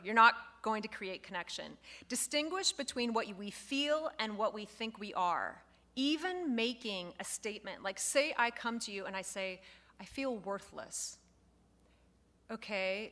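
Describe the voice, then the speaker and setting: Bright-voiced woman teaching a class. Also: mid-range voice. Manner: lively, expressive, acts out quoted phrases. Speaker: class instructor. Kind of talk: lecture to a live class.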